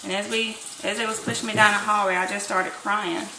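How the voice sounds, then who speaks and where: A woman's voice: medium pitch, level tone, a little fast, pushed and bright, slight background noise. A woman telling a personal story in a casual vlog, chatty and full of fillers and restarts. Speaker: vlogger. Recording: echoey room.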